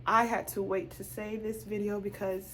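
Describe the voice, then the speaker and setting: Young woman, storytime vlogger, animated, plays out both voices in a conversation, casual chat. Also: mid-range voice, normal speed, slight background noise.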